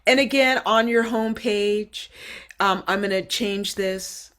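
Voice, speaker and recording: A woman teaching an online writing course, walking students through an assignment in an animated, coaxing way and often checking in with "okay?" and "right?". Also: mid-range voice, takes it slowly. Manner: direct, addresses students as "you guys" and "y'all". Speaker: college writing instructor. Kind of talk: recorded online course walkthrough.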